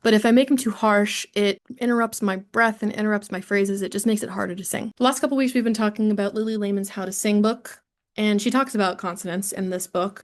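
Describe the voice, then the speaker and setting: A young woman runs a relaxed online singing lesson in a chatty, playful way. Her voice sits at an ordinary middle pitch for a woman. She talks straight into a studio microphone, friendly and informal. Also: a little fast. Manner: chatty and playful, breaks into sung examples. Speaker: voice teacher.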